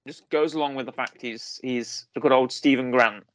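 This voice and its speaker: A man's voice: medium pitch, steady tone, moderate pace, no echo. A man hosting a casual review chat, rambling and searching for words with a joking tone. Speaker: podcast host.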